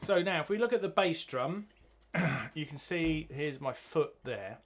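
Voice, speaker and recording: A man teaching drums in a music room, his voice pitched a little high for a man. He talks through grooves and chants rhythm syllables over a drum kit that plays loud behind him. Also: expressive, a little slow. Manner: chants rhythm words while demonstrating. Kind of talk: drum lesson tutorial. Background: drum kit playing.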